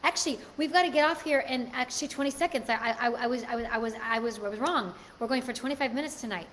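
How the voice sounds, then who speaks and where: A woman's voice: fairly high pitch, fast, a bit bright, a little hiss or hum. A woman hosting a live stream, chatting casually and answering viewer comments. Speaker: livestream host.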